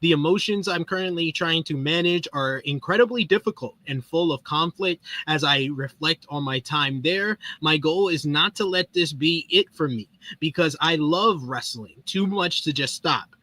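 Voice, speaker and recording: A man's voice: on the high side, moderate pace, hardly any pauses, sharp tone, dry recording. A man hosting a wrestling podcast, chatting casually over a call and reading news items in an upbeat, rambling way with stumbles and restarts. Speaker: podcast host.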